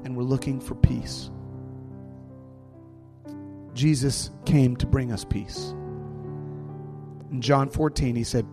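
Man, pastor, earnest sermon, mid-pitched voice, long hall reverb, faint music behind. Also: fairly even intonation. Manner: earnest, slows down for emphasis. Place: church sanctuary.

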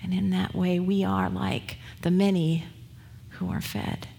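A woman's voice: on the low side, flat delivery, measured pace, vocal fry, dark tone, a little hiss or hum. A woman pastor preaching a sermon, retelling scripture stories in a conversational, storytelling way.

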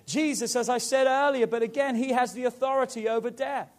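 Pastor, male, high-pitched voice, emphatic sermon delivery. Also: fairly even intonation, brisk. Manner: emphatic, building to loud preaching.

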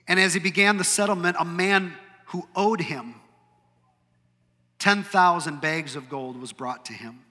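Guy preaching in a big church, bright tense voice, long echo, goes loud then real quiet. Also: high voice. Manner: dynamic preaching, swings from loud to hushed. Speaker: pastor. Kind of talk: sermon. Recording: long hall reverb.

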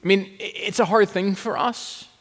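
A pastor preaching a sermon in a conversational way, with rhetorical questions and wry asides. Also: male voice, high-pitched, steady tone, moderate pace, fairly bright tone. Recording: long hall reverb.

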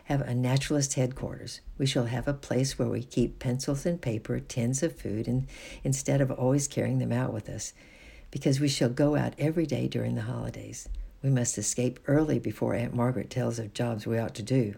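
A reader voicing an eager young boy naturalist with a gravelly, husky tone. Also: mid-range voice, fairly even intonation, a little fast, warm tone. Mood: earnest.

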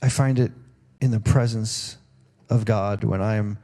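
A man's voice: lowish voice, fairly even intonation, unhurried, mellow. A middle-aged man preaching a sermon in a folksy, conversational way, often restarting his sentences. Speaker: pastor.

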